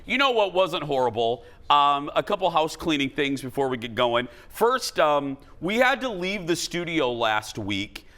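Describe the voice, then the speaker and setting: A man's voice: fairly high pitch, sing-song, unhurried, hardly any pauses, bright, forceful tone. A man hosting a talk show in a studio, chatty and joking, rambling with fillers. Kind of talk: casual studio chat. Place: TV studio with audience.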